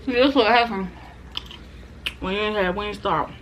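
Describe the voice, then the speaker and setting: A woman's voice: medium pitch, normal speed, noisy background. A woman food vlogger in casual mukbang chat, talking to viewers between bites.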